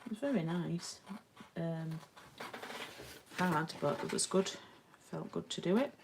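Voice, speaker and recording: A woman's voice: on the low side, expressive, measured pace, vocal fry, background noise. A woman giving a chatty live-streamed card-making lesson and greeting viewers by name. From England.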